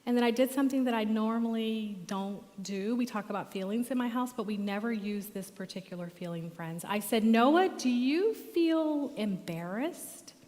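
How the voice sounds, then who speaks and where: Animated woman speaker in a reverberant church. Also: medium pitch, fairly quick, hardly any pauses. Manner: animated, lively storytelling. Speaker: guest speaker and therapist. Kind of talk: storytelling talk at church. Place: church auditorium. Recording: long reverb of a church hall.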